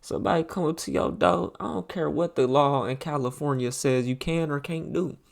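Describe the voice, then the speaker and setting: A man hosting a video channel, giving loud, animated, slangy commentary and an outro. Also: on the high side, moderate pace, vocal fry. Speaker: channel host.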